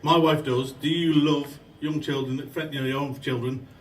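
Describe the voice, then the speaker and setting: An amateur stand-up comedian, a man with a slightly high voice, tells rambling jokes at normal speed and in a steady tone to a laughing crowd in a function room. He's chatty, swears freely, and loses his place. The noisy recording is echoey and captured from a distance.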